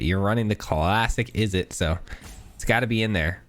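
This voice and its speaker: Stuffy-nosed man, low voice. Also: animated, brisk. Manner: casual, chatty, thinking aloud. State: stuffy nose. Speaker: gaming channel host. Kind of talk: gameplay commentary.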